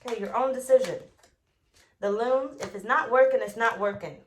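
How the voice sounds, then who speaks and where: A woman's voice: a little high, a little fast, a little hiss or hum. A woman giving a tarot reading, blunt and profane, who drives her points home by repeating them. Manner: acts out quoted voices. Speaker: tarot reader.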